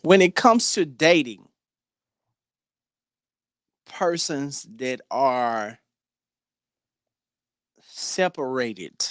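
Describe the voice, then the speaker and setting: A man's voice: mid-range voice, no echo. A man hosting a casual group discussion, steering the talk back on topic and often repeating his words. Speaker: podcast host.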